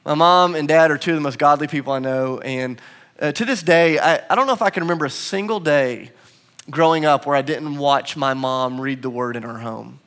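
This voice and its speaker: A man's voice: a little high, fairly quick, a bit bright, clean tone. A young adult man preaching a sermon to a congregation in a church, telling personal stories in an earnest way and rising into emphatic swells. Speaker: pastor. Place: church sanctuary before a congregation.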